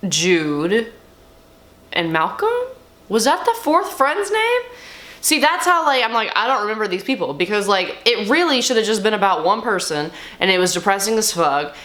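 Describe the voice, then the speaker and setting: A young woman talking casually and candidly as a book vlogger, swearing freely and swinging her pitch up and down. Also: sing-song, moderate pace, fairly bright tone. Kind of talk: casual chat.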